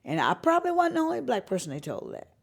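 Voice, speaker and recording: A woman from North Carolina, a singer-songwriter telling animated stories in an interview. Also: a little high, fast talker, vocal fry. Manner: animated storyteller who acts out the voices of people she quotes, laughing often. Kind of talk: storytelling interview.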